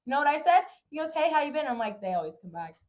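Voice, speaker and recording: A woman's voice: high-pitched, very animated, very fast, a little mellow. A young woman co-hosting a casual podcast chat, telling stories animatedly and quoting herself with big jumps in her voice. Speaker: podcast co-host.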